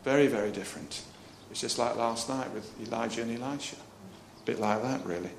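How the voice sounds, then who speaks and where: In an echoey room with faint ambience and a little hiss or hum, a man with a mid-range voice preaches a little fast. His chatty sermon is full of jokes and laughter, and he acts out the story's voices.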